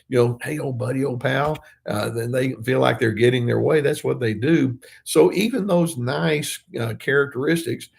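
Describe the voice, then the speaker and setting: Older man, therapist, relaxed chatty Q&A, gravelly, husky voice. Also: mid-range voice. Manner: relaxed, many fillers and restarts, acts out quoted lines. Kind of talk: casual livestream Q&A talk.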